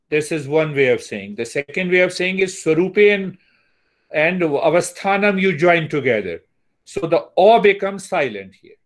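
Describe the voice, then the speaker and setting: A man teaching yoga verses, reciting each word slowly and repeating them for students to follow. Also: a little high. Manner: drawn-out, careful chanting of Sanskrit verses, repeating for practice. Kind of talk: slow recitation lesson.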